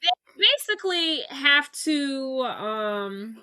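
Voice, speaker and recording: A woman's voice: sits high, expressive, extremely slow, bright, forceful tone. A woman co-hosting a podcast, chatting casually about a movie and acting out the characters' lines with sass. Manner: acts out characters in quoted lines, sassy. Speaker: podcast co-host. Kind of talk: casual movie recap chat.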